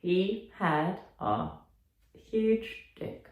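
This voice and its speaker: A woman's voice: medium pitch, sing-song, drawn-out words, echoey room, narrow, tinny audio. A woman voicing a foul-mouthed, self-pitying male monkey puppet who swears a lot. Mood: crude.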